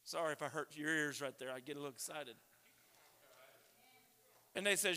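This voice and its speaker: High, bright-voiced preacher in a hall. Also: male voice, normal speed, pauses often. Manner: conversational preaching that builds to loud shouting. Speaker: pastor. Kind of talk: sermon. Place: church sanctuary. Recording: long reverb of a large hall.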